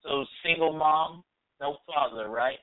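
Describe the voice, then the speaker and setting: A man's voice: a little high, unhurried, dry recording. Interjecting male host, tinny phone sound. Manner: brief interjections, questioning. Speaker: talk show host. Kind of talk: call-in radio talk. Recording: tinny dry phone-quality audio.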